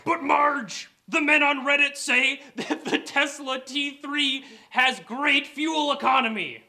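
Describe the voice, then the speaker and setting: A man doing Homer, a high creaky cartoon dad. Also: slow pace, bright, forceful tone, exaggerated voice. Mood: mock-wounded. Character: bumbling divorced cartoon dad, middle-aged man. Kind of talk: live improv sketch.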